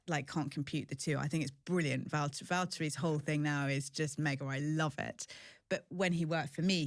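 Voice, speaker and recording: A woman's voice: deep voice, dry recording, clean studio sound. A woman in her forties speaking as an interview guest, frank, chatty and self-deprecating. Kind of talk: candid conversational storytelling.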